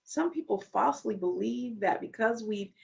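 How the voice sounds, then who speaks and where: A woman's voice: fairly high pitch, normal speed, creaky, dull audio. A woman hosting a podcast, explaining in an instructive tone and repeating key words for emphasis. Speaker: podcast host.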